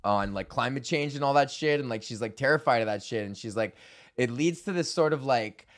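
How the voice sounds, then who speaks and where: A man's voice: mid-range voice, fairly quick. A young man from Canada hosting his own podcast, rambling casually while stoned, swearing a lot and laughing often. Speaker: podcast host.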